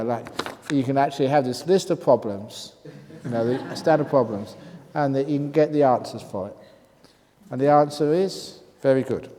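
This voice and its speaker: A man's voice: on the high side, dark tone. A man, a Buddhist monk teacher, answers retreat questions in a humorous talk, reading written questions aloud and chuckling often. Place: retreat meditation hall. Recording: reverberant hall with faint noise.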